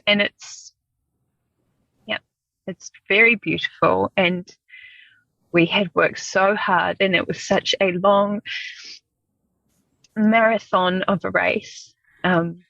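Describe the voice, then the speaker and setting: A woman's voice: fairly low pitch, creaky, pushed and bright, no echo, highs cut off. A middle-aged woman, a podcast guest, speaking openly and reflectively about her personal life, with frequent ums. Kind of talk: candid personal storytelling.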